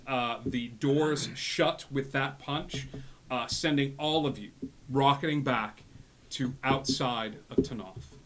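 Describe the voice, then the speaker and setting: A man running a tabletop game as game master, narrating in a halting way with many restarts. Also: mid-range voice, a bit bright.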